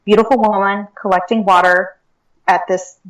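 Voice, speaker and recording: A woman's voice: mid-range voice, fairly even intonation, normal speed, poor audio. A woman speaking as an interview guest, talking earnestly in a casual way with many fillers like "like" and "um". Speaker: guest, akashic records reader and teacher.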